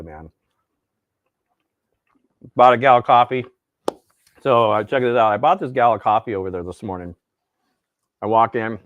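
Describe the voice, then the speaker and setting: A man's voice: lowish voice, a bit bright, no room sound, lo-fi sound. A man chatting casually on a live cooking stream, enthusiastic and a bit tired from staying up late. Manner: enthusiastic, chatty, storytelling with voices.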